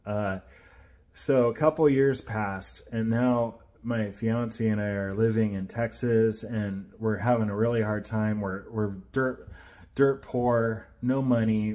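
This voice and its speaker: A man's voice: on the low side, warm tone. A man sharing an earnest personal faith testimony, retelling events in a casual, rambling way.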